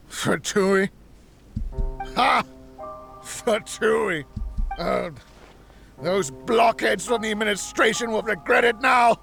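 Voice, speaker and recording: An actor playing a deranged male scientist who cackles and sobs in slow, broken phrases, with game music behind. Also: sits high, creaky, pushed and bright, heavily acted. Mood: manic.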